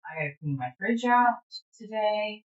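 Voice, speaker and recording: A woman's voice: mid-range voice, lively intonation, normal speed, lo-fi sound. A woman from New Jersey with a New Jersey accent, chatting casually and rambling with lots of fillers as she hosts a livestream from home on her phone. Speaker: livestream host. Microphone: phone camera.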